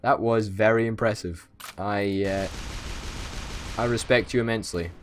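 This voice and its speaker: A man's voice: fairly low pitch, fairly even intonation, moderate pace, faint music behind. A man hosting a let's play, bantering casually and swearing freely in mock outrage on a voice call.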